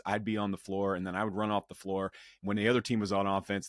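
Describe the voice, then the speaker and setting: A man's voice: fairly low pitch, dry recording, studio quality. A middle-aged man hosting a podcast, telling a personal story and reflecting in a loose, conversational way with frequent restarts. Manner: conversational, with many restarts and a quoted yell. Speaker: podcast host.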